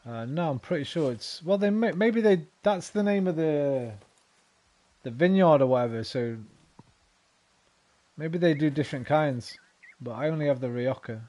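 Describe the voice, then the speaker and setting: A young man talks his way through a video game in casual commentary. His voice sits a little higher than most men's, and he swears freely as he chats back at the game. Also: expressive, moderate pace, dark tone. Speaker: game streamer. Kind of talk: casual let's-play commentary.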